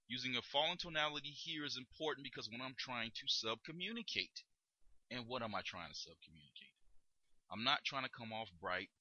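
Bright-voiced man teaching vocal tonality. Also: medium pitch, no room sound, muffled recording. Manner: demonstrates tones, emphatic and lively delivery. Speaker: dating coach. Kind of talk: instructional monologue.

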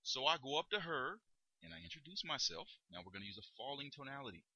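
Male instructor, bright forceful voice, animated pitch, dull lo-fi recording. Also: quick pace, creaky, slightly rough, dry recording. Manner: demonstrates tones, emphatic and lively delivery. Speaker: dating coach. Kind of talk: instructional monologue.

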